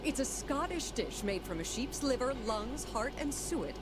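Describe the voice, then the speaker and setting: An actress voicing a chatty, friendly woman shopkeeper in a game, explaining things brightly. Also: on the high side, big pitch swings, normal speed. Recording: game audio over loud music.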